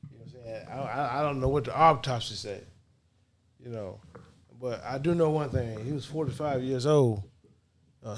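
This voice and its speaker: A man co-hosting a casual discussion, talking frankly and often saying "you know what I'm saying". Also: mid-range voice. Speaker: podcast co-host.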